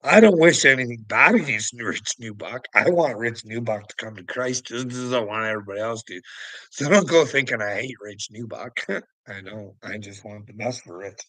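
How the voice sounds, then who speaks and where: A man's voice: mid-range voice, normal speed, fairly bright tone, no echo, rough recording. A man hosting a casual livestream, crude and profane, laughing often as he teases the people in his chat. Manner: crude, profane, laughs a lot between remarks; teasing, talks back to viewers' comments. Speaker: livestream host.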